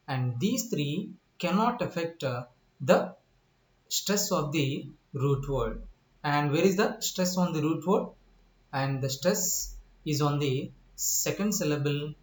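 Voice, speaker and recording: This slightly high-voiced man is teaching English word stress in a lecture recorded in an echoey space. His explanation moves slowly, broken by many pauses, and he repeats points, spells letters aloud and quizzes the listener.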